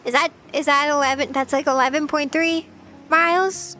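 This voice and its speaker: A woman's voice: high voice, steady tone, normal speed, bright, forceful tone, faint music behind. A young woman streaming casual chat, playful and chatty, often giggling as she reads her chat. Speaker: VTuber streamer.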